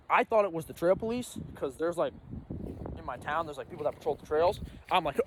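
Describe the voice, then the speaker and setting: Animated young man telling a story. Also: on the high side, a little fast, a little hiss or hum. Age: young adult. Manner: animated, acts out his own reactions with sudden loud bursts. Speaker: storyteller vlogger. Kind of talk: casual storytime vlog.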